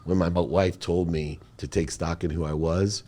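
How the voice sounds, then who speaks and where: A man who is a podcast guest, telling an emotional personal story in an interview with animated, emphatic delivery. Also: low voice, normal speed.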